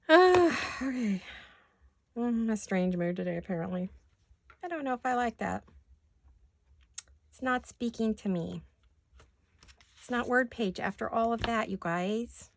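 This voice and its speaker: Raspy, gravelly woman chatting while crafting. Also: medium pitch. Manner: chatty, self-deprecating, talks to viewers. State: raspy voice from allergies. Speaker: craft vlogger. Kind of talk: casual chat while crafting. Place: home craft studio.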